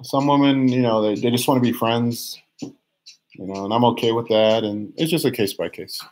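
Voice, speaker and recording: A man's voice: mid-range voice, darkish tone. A young man in the middle range of men's voices hosts a live tarot reading stream. He chats loosely with viewers, teasing them as he reads their comments aloud. He stumbles and restarts his phrases as he pulls cards. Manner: many restarts and drawn-out phrases, sometimes sings a line. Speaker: tarot reader.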